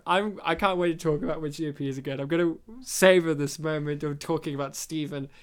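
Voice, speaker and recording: A woman's voice: sits low, fairly quick, clear, resonant tone. Chatty woman podcast host. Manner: chatty, laughs often, animated storytelling. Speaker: podcast host reviewing a movie. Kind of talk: casual chat.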